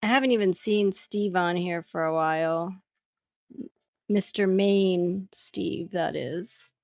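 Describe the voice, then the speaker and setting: Slow-talking woman hosting a drawing livestream. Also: fairly low pitch, dry recording. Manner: chatty, laughs often, reads out viewer comments. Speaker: art livestream host. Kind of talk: casual livestream chat while drawing.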